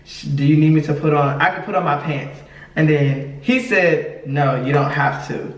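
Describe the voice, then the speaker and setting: At a normal speed and with a slightly high voice, a man shares a story on a podcast he co-hosts. He laughs a lot and performs everyone else's lines with gusto. The room is echoey and the mic sits at a distance.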